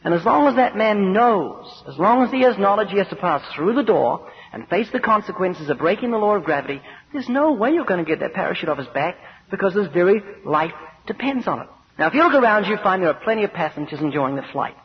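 A man's voice: sits high, animated, fairly quick, hardly any pauses, breathy edge. A man preaching an evangelistic sermon, earnest and emphatic, acting out little scenes with quoted voices. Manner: earnest, emphatic, acts out anecdotes. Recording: dull lo-fi recording with faint noise.

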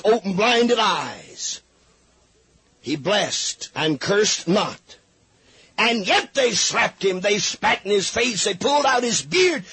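A man preaching a fiery radio sermon, pleading and rising to shouts. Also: sits high, slightly rough, no room sound.

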